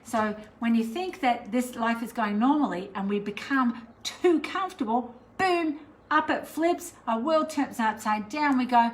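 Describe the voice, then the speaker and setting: A woman's voice: on the high side, expressive, unhurried, rough recording. Chatty Australian woman teaching to camera. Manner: chatty, meandering, warm and encouraging with many fillers. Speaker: spiritual teacher.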